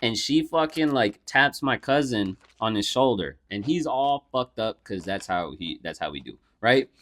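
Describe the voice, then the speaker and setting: A man's voice: medium pitch, moderate pace. A young man co-hosting a podcast, casually telling a profane story and acting out the people in it. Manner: animated, profane storyteller who acts out the people in his story. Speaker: podcast co-host.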